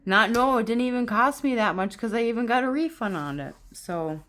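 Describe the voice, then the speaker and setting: A woman filming a casual vlog on her phone at home, excitable and gushing, laughing often as she talks. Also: a little high, fairly quick. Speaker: vlogger. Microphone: phone camera on tripod.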